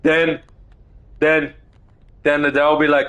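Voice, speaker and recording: A man streaming a video game live, reacting excitably, swearing and shouting. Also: on the high side, unhurried. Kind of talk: live gaming stream commentary.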